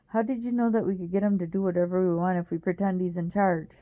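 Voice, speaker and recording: A woman's voice: fairly low pitch, steady tone, quick pace, mellow, highs cut off, close to an everyday voice. A woman reading the lines of a bold, impatient young girl in an urgent, direct way.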